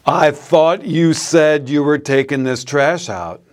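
A man putting on a stern scolding mother. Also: on the high side. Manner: scolding, drawn-out emphasis. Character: stern mother scolding her young son.

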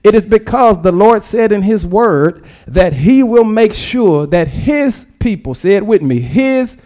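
A pastor preaching a sermon, calling for the congregation to repeat after him and repeating key phrases. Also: male voice, sits high, animated, unhurried, mellow.

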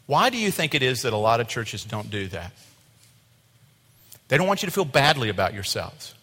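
Pastor guy preaching in a church, bright forceful voice, long echo off the hall. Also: mid-range voice, moderate pace, long pauses, slightly rough. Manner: animated preaching with acted-out voices and sudden drops to quiet. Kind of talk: sermon. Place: church sanctuary.

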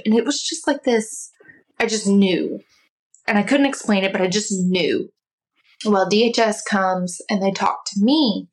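A woman's voice: medium pitch, a little slow, low-quality recording. A woman guest speaking earnestly and from the heart as she tells a personal faith story, sometimes restarting her words. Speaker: interview guest. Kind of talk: personal faith testimony in conversation.

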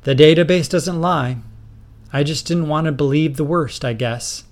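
A man's voice: fairly high pitch, normal speed, lightly acted. A man voicing a weary male newspaper editor who speaks in a subdued, resigned way in a spoken story. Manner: subdued, sighing.

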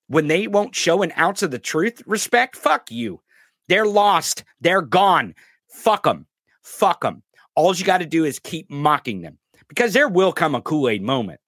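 Male host with a high, bright voice, delivering sarcastic, profane political rants. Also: dry recording, studio quality. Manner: profane, angry and sarcastic ranting. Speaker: podcast host. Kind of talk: political commentary rant.

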